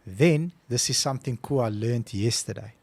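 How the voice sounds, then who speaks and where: A man's voice: mid-range voice, normal speed, darkish tone, husky, dry recording. A man co-hosting a casual podcast who tells stories with animation and acts out his phone calls. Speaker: podcast co-host. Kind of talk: casual chat.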